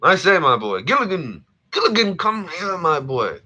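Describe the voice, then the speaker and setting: A blustering, pompous old rich gentleman, as a man puts him on, plummy and high-pitched, swooping wildly up and down. He rings bright and forceful, with a thin, strange edge to the voice. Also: sing-song, moderate pace, husky, heavily acted. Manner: plummy, exclaiming "I say".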